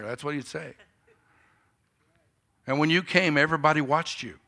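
A man in his fifties preaching a sermon, telling a story in a style that moves from quiet reflection to loud, animated telling. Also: fairly high pitch, moderate pace, creaky, pauses often. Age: 50s.

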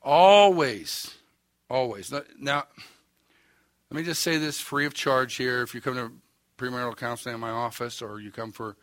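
A man's voice: mid-range voice, sharp tone, no echo. An older man with an Oklahoma accent preaching a sermon, telling a story in a folksy, wry, self-mocking way. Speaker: pastor.

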